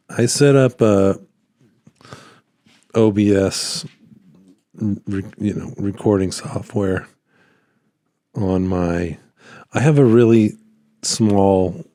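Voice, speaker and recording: A man vlogging about his small business in a rambling, relaxed way, his voice a little worn. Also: on the low side, extremely slow, long pauses, no room sound. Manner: rambling, relaxed, lots of fillers and restarts. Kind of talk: casual talking-head vlog. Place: at home by his computer. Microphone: phone.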